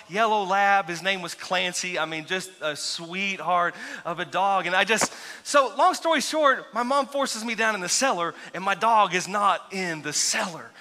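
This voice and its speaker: Bright-voiced pastor in a reverberant hall. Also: male voice, high voice. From grew up near Seminole. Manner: animated, chatty, self-teasing with many restarts. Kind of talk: sermon storytelling. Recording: long reverb of a large hall.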